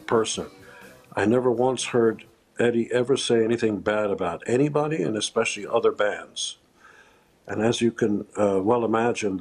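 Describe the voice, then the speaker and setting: A man speaking as a guest in a live news interview over a remote link. He talks haltingly and with emotion, often restarting his sentences and filling pauses. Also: on the low side, a little mellow, breathy edge. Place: remote location far from the studio.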